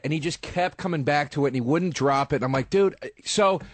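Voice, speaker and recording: A man's voice: fairly high pitch, a little fast, no room sound. A man comedian telling his side of a story on a radio show, defensive and exasperated. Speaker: comedian guest.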